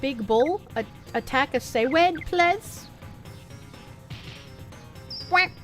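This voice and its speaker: A woman's voice: sits high, extremely slow, soft background music. A young woman streaming a game, chatting casually and swearing as she jokes with her chat. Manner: animated, swearing, joking with chat, frequent laughs.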